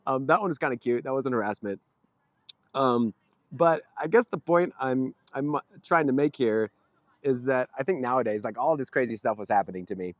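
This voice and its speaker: A man's voice: mid-range voice, expressive, moderate pace, no echo. A man vlogging outdoors near a street, telling a story casually in a rambling way with frequent chuckles. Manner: rambling, chuckling, with many fillers.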